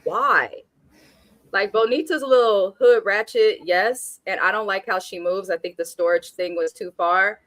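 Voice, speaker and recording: A woman's voice: medium pitch, normal speed, a bit bright, no echo. A woman from Oakland, California giving a blunt, sassy recap of a reality TV episode in casual chat. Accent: African American Vernacular English speaker from Oakland. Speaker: reality TV review host.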